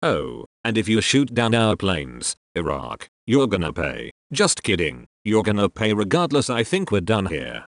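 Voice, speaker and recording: A man voicing a malfunctioning robot reporter with a deadpan, sarcastic delivery. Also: fairly low pitch, measured pace, hardly any pauses, dry recording, clean studio sound, full character voice. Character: unwell male robot reporter.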